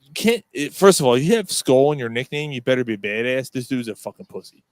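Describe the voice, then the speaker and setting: A man's voice: mid-range voice, sing-song, a little fast, no room sound. A man hosting a podcast, telling a rowdy story in casual chat, swearing constantly and laughing as he goes. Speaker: podcast host.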